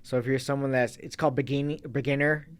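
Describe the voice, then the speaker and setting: A fitness and kettlebell coach appearing as a guest in a casual interview speaks in a smooth, steady, mid-range voice and talks fast. His speech is loose and rambling, and he often stops partway and starts his sentences over.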